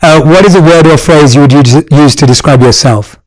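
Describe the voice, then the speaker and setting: A man's voice: on the high side, brisk, poor audio. A man hosting a podcast, chatting casually and self-deprecatingly, laughing often and restarting his sentences. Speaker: podcast host. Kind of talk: casual interview chat.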